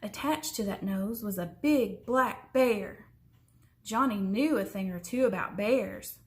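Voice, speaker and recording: A woman reading a children's story aloud in an expressive way, slowing down for suspense. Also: medium pitch. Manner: expressive, slows down for suspense, sometimes drops to a whisper.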